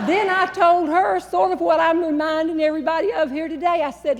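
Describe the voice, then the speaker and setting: A woman with a Southern American accent, a humorist telling a story to a live audience, with a folksy, drawn-out delivery and deliberate pauses. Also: very high-pitched, slight background noise. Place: large hall before a live audience. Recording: long reverb in a large hall.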